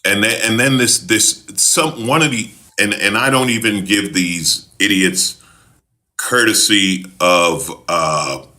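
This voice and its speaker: A man's voice: fairly low pitch, takes it slowly, sharp tone. A man hosting a show, delivering a heated, profane political rant that stumbles over repeated words. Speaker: host.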